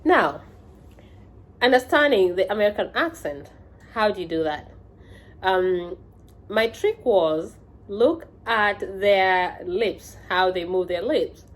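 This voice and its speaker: A woman's voice: mid-range voice, animated, slow. A woman from Kenya with a Kenyan accent, giving casual advice in a vlog, talking conversationally with many fillers and restarts.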